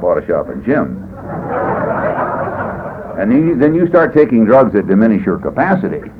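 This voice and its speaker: A man speaking at a recovery meeting, telling his story in a rambling, folksy way with wry humor. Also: on the low side. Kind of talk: personal testimony talk. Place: meeting room. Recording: tinny lo-fi tape with faint hiss.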